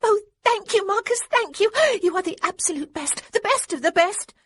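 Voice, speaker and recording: A shrill, excitable little girl of six, whose very high voice swings wildly as she pleads, whines and shrieks. She speaks slowly, with a bright, piercing tone. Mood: delighted. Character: excitable six-year-old girl, whiny and insistent. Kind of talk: audiobook narration.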